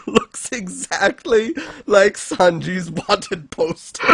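A male anime podcast co-host with a higher voice chats through a casual recap at a slightly slow pace. The sound is dry with no echo, and he's giggly, laughing constantly and acting out the characters' lines.

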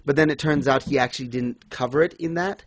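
A man's voice: medium pitch, fast talker, dry recording. A young man in casual chat, ranting in exasperation about a comic and mocking scenes in put-on voices. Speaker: podcast co-host reviewing manga.

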